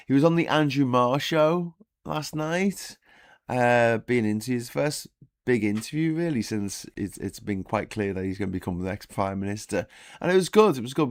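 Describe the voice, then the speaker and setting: A hungover man hosts a casual morning live stream, telling jokes and reading the news. He rambles, stops and restarts often, and talks at an ordinary pitch for a man. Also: no room sound, clean studio sound.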